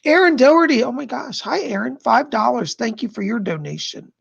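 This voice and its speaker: Gravelly man giving psychic readings. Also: extremely high pitch, expressive, fairly quick, dull audio. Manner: chatty, rambling, repeats "she said". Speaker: psychic livestream host. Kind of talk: live-stream psychic readings.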